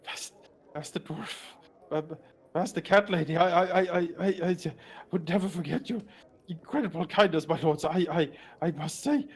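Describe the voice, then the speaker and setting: A man's voice: fairly high pitch, moderate pace, darkish tone. A man voicing a nervous young male failed actor turned bandit who stammers and babbles anxiously. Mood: panicky. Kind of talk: tabletop role-play voicing.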